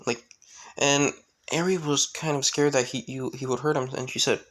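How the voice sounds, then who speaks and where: A man's voice: medium pitch, steady tone, moderate pace, a bit bright. A young man casually narrating a fan story, rambling with frequent restarts and hesitations.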